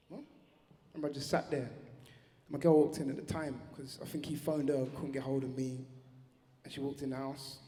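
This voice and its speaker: A man's voice: medium pitch, steady tone, fairly quick, mellow. A man giving a heartfelt, slangy tribute speech on stage at an awards ceremony. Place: large awards venue hall. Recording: reverberant hall.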